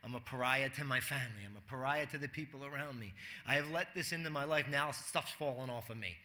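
A man's voice: medium pitch, quick pace, sharp tone. A man preaching a sermon to a church congregation in a conversational way, asking the room questions and acting out quotes. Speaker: pastor.

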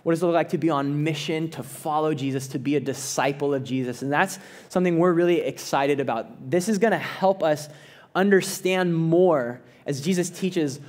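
A male pastor delivers a sermon in an earnest, conversational way, often doubling back on his words. His voice sits fairly high for a man. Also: moderate pace, a little mellow. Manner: earnest, conversational preaching with frequent restarts.

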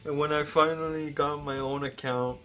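A man in his twenties on a live stream, telling a rambling, profane story with great excitement. He is emotional and close to tears. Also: on the high side, normal speed, slight background noise.

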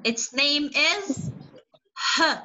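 Slow, bright-voiced woman teacher. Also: sits high, lively intonation, lo-fi sound. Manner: repeats words slowly and patiently. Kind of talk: online lesson for young children.

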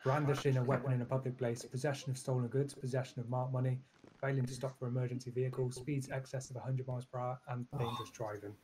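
A man's voice: mid-range voice, flat delivery, fast. A man playing a police officer in a role-play court, politely and a little hesitantly reading out the charges. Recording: game voice chat with crowd of players.

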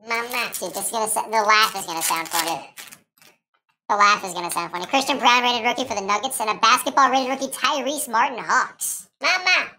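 A man using a voice changer to talk as a playful baby, with giggly, drawn-out baby talk. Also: pushed and bright, slight background noise, heavily acted. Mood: silly. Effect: pitch-raising voice changer. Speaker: card break host.

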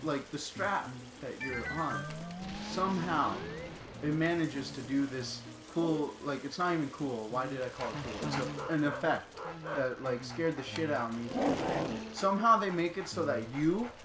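A man's voice: fairly high pitch, lively intonation, moderate pace. A young man telling a profane, laugh-filled story while playing a video game. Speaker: gaming channel co-host. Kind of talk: casual storytelling over gameplay. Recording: echoey room with game music. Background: video game music.

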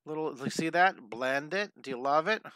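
Bright, upbeat man teaching drawing. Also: a little high, moderate pace, clean tone, no echo. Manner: enthusiastic and encouraging, chatty asides. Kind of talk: live drawing lesson with storytelling.

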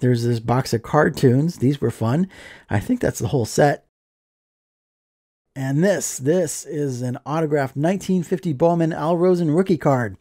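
A man's voice: on the high side, measured pace, mellow, no echo, studio quality. A man chatting casually as he opens mail, enthusiastic and joking. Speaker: card collecting vlogger. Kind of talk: casual mail opening chat.

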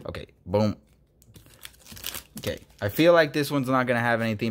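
Excitable man with a lively voice. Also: medium pitch, normal speed, long pauses, smooth. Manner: excitable, jumps from mutters to loud bursts. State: voice going hoarse. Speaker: YouTube host opening trading cards. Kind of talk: casual card-opening vlog.

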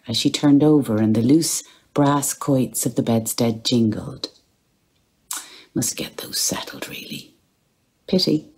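A woman's voice: a bass voice, warm tone, husky. A woman giving a literary reading, lingering over phrases and dropping to near-whispers. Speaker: reader.

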